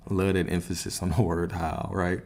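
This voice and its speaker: A man's voice: low-pitched, little pitch movement, brisk, a little mellow. A man giving a motivational spiritual coaching talk on a livestream, emphatic and repetitive, often checking in with "right?".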